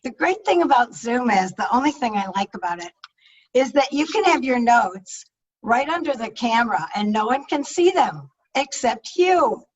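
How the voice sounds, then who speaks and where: Higher-pitched woman, speaking coach, emphatic and lively, sounds a bit off-mic on a video call. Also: normal speed, slightly rough, far from the mic, highs cut off. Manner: energetic, emphatic, conversational. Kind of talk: webinar talk on public speaking.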